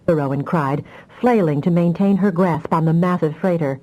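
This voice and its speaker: A woman narrating a fantasy audiobook with expressive storytelling. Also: low-pitched, normal speed, rough recording.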